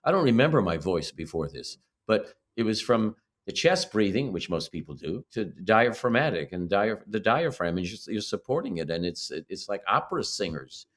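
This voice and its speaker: A man's voice: fairly low pitch, sing-song, normal speed, few pauses. An older man from Illinois, a guest actor, telling stories in a casual interview with many restarts and self-corrections.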